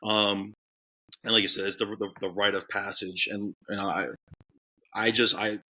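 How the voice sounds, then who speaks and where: A man's voice: lowish voice, level tone, unhurried, sharp tone. A man in his thirties from Florida, a guest telling his story in casual chat, rambling with many fillers. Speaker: podcast guest, K9 handler.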